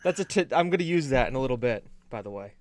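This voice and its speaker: A man's voice: medium pitch, expressive, fast talker, dry recording. A man hosting a gaming podcast in loose, joking, rambling chat with some swearing. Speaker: podcast host. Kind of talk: casual chat.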